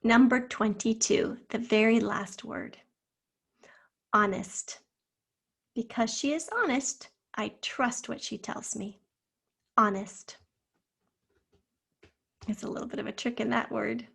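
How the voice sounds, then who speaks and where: A woman teacher dictating a spelling test and going over the answers syllable by syllable, slowly and carefully. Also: on the high side, fairly even intonation, creaky, fairly bright tone, slightly rough. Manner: slow, careful word-by-word dictation. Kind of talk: spelling lesson for children.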